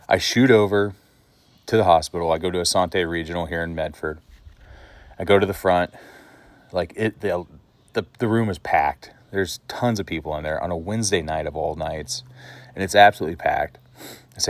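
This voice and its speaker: Deep-voiced man telling a story bluntly. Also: moderate pace, no echo. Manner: blunt, swears freely. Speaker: vlogger. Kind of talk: casual storytelling to camera.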